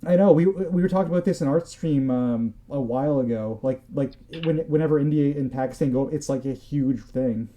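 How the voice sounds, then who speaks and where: A man's voice: medium pitch, fairly quick, hardly any pauses, mellow. A man co-hosting a casual livestream chat, joking and teasing in a loose, rambling way. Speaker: podcast co-host.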